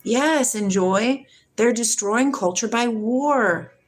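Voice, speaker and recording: A woman in her forties from Washington state hosts a casual spiritual livestream, chatting with viewers and reading their comments in a soft, affectionate way, laughing often. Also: on the high side, slow pace. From Washington state, USA. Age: 40s. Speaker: livestream host.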